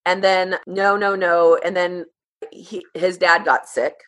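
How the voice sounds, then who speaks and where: A woman in her thirties, a podcast guest, telling a personal story in a halting, emotional way with many fillers. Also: on the low side, flat delivery.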